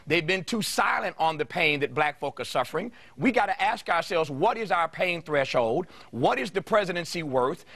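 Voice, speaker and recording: A man hosting a TV interview, pressing his guest with forceful rhetorical questions. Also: fairly high pitch. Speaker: TV talk show host.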